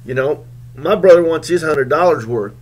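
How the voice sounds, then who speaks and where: Rambling, animated male radio host. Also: fairly high pitch, moderate pace. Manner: animated, rambling, with frequent fillers. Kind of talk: comic radio storytelling.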